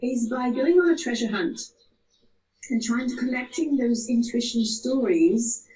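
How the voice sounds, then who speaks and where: A woman's voice: a little high, lively intonation, unhurried, mellow, a little hiss or hum. A woman guest in a casual conversation, speaking in an upbeat, enthusiastic way with frequent fillers. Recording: echoey and distant from the mic.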